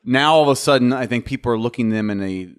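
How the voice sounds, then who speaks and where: A man, a former football player, explaining his views as a guest on a sports podcast in a measured way. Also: mid-range voice, clear, resonant tone. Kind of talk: casual sports talk.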